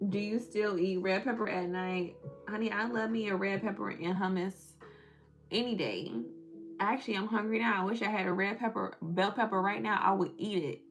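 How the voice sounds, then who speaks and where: A woman's voice: medium pitch, fairly even intonation, moderate pace, faint music behind. A young woman with a Southern US accent, tired, chatting on a live stream, reading the chat aloud and laughing often.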